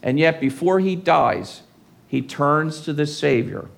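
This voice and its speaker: A pastor preaching a sermon in church, reading scripture and rising loud and intense on key lines. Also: male voice, on the high side, lively intonation, measured pace, vocal fry. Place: church service.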